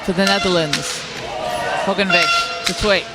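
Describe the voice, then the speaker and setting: A male play-by-play commentator calls a basketball game live from courtside. His voice sits high for a man, and his delivery is steady and informative. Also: measured pace, a loud crowd. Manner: steady, informative, with occasional restarts.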